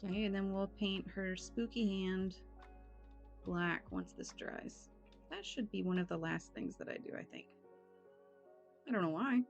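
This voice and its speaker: A playful woman talks loosely as she paints a tabletop miniature, cracking jokes in an easy conversational way. Her voice has a gravelly, fry-tinged edge, and soft music plays behind her. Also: mid-range voice, big pitch swings, a little slow, long pauses, muffled recording. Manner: playful, joking. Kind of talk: casual chat while painting.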